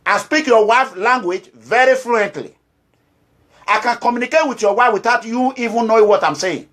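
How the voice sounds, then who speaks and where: A man from Edo State, Nigeria, with a Nigerian accent, delivers a fiery political speech as an activist leader, switching between scolding and pleading and driving points home with repeated short phrases. His voice is unusually high and piercing, fairly bright, and he keeps a moderate pace.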